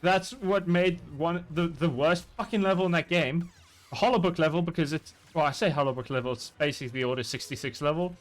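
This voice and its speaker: A man chatting casually while gaming, animated and swearing freely. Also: fairly high pitch, a little fast. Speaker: streamer playing a game.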